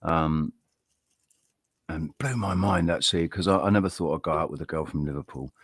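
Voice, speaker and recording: Friendly, rambling stream host, English man with a low voice and dry sound. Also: moderate pace, breathy edge, no echo. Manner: rambling, friendly, greets viewers by name. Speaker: livestream host. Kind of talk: casual live-stream chat.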